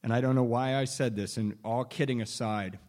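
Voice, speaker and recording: A man's voice: medium pitch, steady tone, fairly quick, darkish tone. Candid man telling his recovery story. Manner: candid, self-deprecating, wry; frequent restarts and chuckles. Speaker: speaker sharing a recovery story. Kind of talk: personal storytelling talk.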